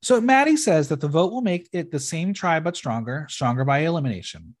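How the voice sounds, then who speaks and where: A man hosting a casual podcast, recapping a reality show in an opinionated, expressive way and swearing freely. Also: a little high, a little fast.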